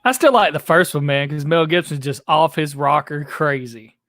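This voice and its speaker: A man's voice: on the high side, normal speed, a bit bright, no echo, clean studio sound. A man co-hosting a podcast in casual chat, teasing his co-host and joking along.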